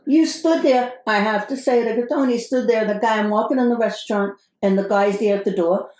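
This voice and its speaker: A woman's voice: a little high, fairly quick, a little mellow, close to an everyday voice. A woman playing an exasperated middle-aged Brooklyn wife in a put-on New York accent, complaining animatedly in an improvised comedy sketch. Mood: indignant. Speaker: podcast co-host in character. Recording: roomy echo.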